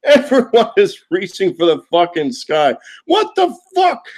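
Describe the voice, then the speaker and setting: A man delivering a profane comedic rant, loud and indignant, cursing constantly and laughing at his own lines. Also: high voice, huge pitch swings, measured pace.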